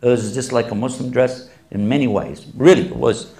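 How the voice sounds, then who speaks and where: A man gives a public religious talk, answering questions from the audience through lively stories. He tells them with humor and acts out the voices of the people in them, in a mid-range voice. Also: medium pitch, moderate pace. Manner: animated storyteller who acts out quoted voices with humor.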